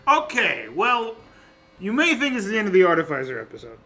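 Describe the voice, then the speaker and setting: Brief: playful male podcast co-host, high and bright, casual and cursing. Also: huge pitch swings, fairly quick, faint music behind, poor audio. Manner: joking, laughs often, swears casually. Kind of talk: casual chat about a tabletop game.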